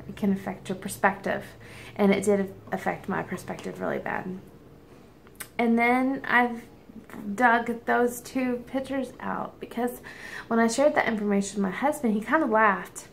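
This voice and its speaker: A woman's voice: mid-range voice, creaky, fairly bright tone, a little hiss or hum. A middle-aged woman teacher talking candidly at home in a casual vlog, chatty with frequent ums. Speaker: teacher and vlogger. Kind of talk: casual personal vlog chat.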